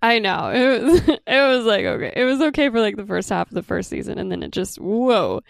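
A woman's voice: medium pitch, expressive, fairly quick, gravelly, no room sound, clean studio sound. A woman co-hosting a casual podcast about TV shows, giving opinionated takes with frequent "like" fillers. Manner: opinionated, laughs often, "like" fillers. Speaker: podcast co-host. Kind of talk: casual chat reviewing TV shows.

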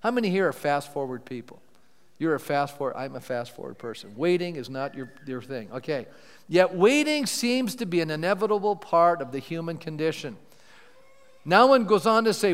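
A male pastor preaching a sermon, asking his congregation questions and retelling scripture in lively paraphrase. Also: fairly high pitch, normal speed. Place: church sanctuary. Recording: church hall with long reverb.

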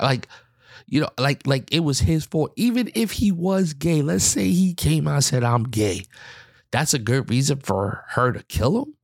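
Gravelly-voiced man in a heated rant. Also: fairly high pitch, expressive, normal speed, dry recording, studio quality. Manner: heated, rambling, repeats himself. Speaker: podcast host. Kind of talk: casual opinion monologue.

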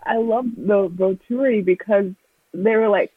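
A woman's voice: mid-range voice, unhurried, breathy edge, dry recording. A woman chatting casually about a movie on a podcast, giggling and gushing with many fillers. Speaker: podcast co-host. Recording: tinny phone-like sound.

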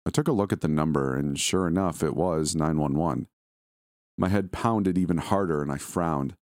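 Low deep-voiced guy reading a creepy story, steady, dry close mic. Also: moderate pace, no room sound. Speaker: horror story narrator. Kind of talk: scripted first-person horror narration.

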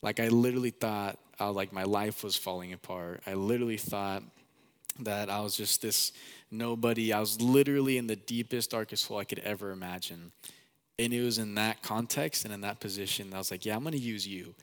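Earnest young pastor preaching in a hall. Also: male voice, lowish voice, steady tone, fairly quick, clear, resonant tone. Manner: earnest, conversational preaching with many fillers. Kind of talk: sermon.

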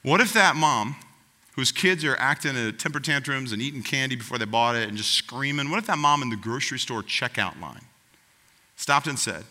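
Bright, sharp-voiced preaching man. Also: medium pitch, lively intonation, normal speed, big-room sound. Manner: earnest, direct address to the congregation. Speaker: pastor. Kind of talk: sermon.

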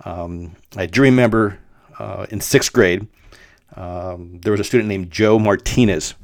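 A middle-aged man with a fairly low voice tells a story on his podcast, wandering and full of fillers. The sound is dry and close. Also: a little slow, gravelly, dry recording. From Denver, Colorado. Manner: rambling, with frequent fillers and restarts. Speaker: podcast host. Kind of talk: casual storytelling monologue.

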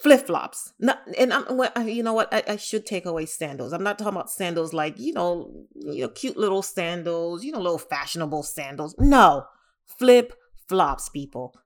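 A woman vlogging casually, telling an exasperated story with lots of fillers and big jumps in pitch. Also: fairly quick, few pauses. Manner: animated, exasperated, lots of "you know" fillers.

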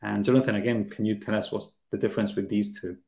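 A man's voice: lowish voice, steady tone, fast talker, creaky, darkish tone. Roomy-sounding man teaching English. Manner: laughs easily, explains with examples. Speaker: podcast host, English teacher. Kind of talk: casual teaching chat. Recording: roomy echo.

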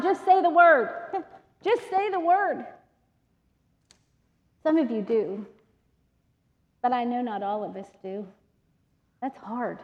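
Woman, preacher, chatty and emphatic, high voice, long reverb, muffled sound. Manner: conversational, emphatic, laughs often. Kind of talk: sermon with Bible reading.

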